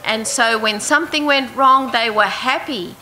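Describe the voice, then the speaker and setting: A woman preacher leads an interactive Bible lesson, reading verses aloud and asking her listeners questions. Her bright voice sits a little high and moves at a measured pace. The audio is poor, with a faint hum of room ambience behind her.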